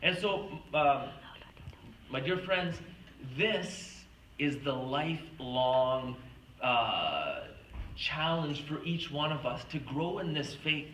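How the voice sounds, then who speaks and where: Woman retreat speaker, earnest storyteller, bright tone, distant mic with faint room hum. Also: sits low, expressive, takes it slowly, roomy sound. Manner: earnest, storytelling, acts out quoted speech. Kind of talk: faith talk to a retreat audience.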